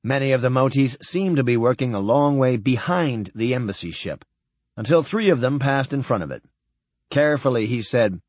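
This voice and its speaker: A man giving an expressive scripted narration of a science fiction novel. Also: mid-range voice, moderate pace, no room sound. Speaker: audiobook narrator.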